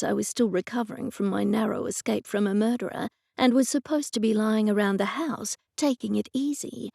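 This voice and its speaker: Gravelly-edged woman narrating an audiobook. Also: a little high, dark tone, dry recording, studio quality. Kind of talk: scripted first-person narration.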